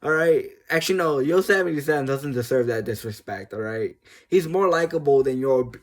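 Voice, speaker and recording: A man's voice: mid-range voice, animated, moderate pace. A man vlogging in a casual, emotional way about a game, laughing often and rambling with restarts. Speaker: gaming vlogger. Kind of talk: casual monologue.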